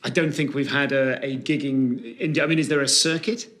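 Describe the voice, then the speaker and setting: A man's voice: medium pitch, steady tone, fairly quick, a bit bright. A man hosting a podcast, asking curious, prompting questions of his guest. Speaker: podcast host. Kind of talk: interviewing.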